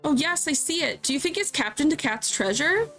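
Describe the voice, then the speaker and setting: Woman voicing a teary, gentle young heroine. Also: high voice, lively intonation, a little fast, soft background music, pitched above the performer's own voice. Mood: curious. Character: sweet gentle young woman, shy and emotional.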